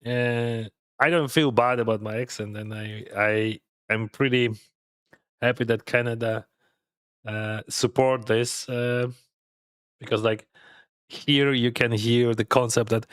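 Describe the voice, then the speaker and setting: A man's voice: mid-range voice, clear, resonant tone, no room sound, clean studio sound. Russian-accented man chatting while playing poker. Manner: laughs often, chatty, loose with grammar. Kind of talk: casual chat while playing online poker.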